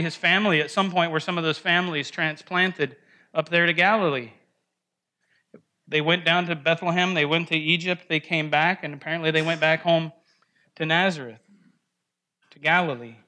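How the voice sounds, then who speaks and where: A man's voice: high voice, sharp tone. A man teaching an informal Bible study class in a church room, talking conversationally, often asking the group questions and restarting his phrases.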